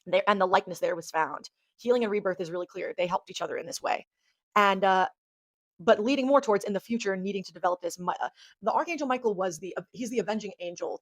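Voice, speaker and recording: A woman astrologer giving a rambling, excitable chart reading in a casual monologue, swearing freely. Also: mid-range voice, no room sound.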